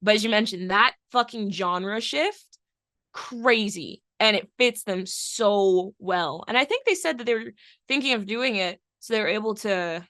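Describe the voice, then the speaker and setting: A woman's voice: medium pitch, expressive, measured pace, a bit bright, no echo. Enthusiastic, profane podcast co-host woman. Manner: enthusiastic, swears freely, frequent mm-hmms. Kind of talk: casual music review chat.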